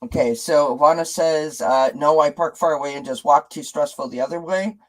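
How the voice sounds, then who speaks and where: A man's voice: fairly high pitch, moderate pace, rough recording. A man hosting a casual live stream, chatting with viewers, reading out their comments and asking them rhetorical questions, often restarting his sentences.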